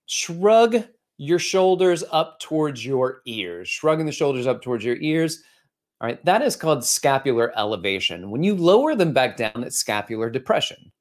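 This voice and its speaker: Animated male fitness podcast host. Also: medium pitch, normal speed. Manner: animated, storytelling, conversational with fillers. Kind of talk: educational podcast talk.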